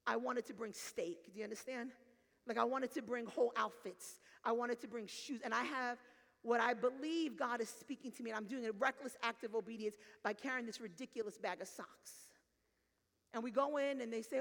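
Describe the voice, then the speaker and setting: A woman's voice: fairly high pitch, brisk, gravelly, a bit bright, in a large hall. A woman pastor preaching a sermon, telling a story and acting out the voices in it, then building to fervent calls to her listeners. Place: church sanctuary.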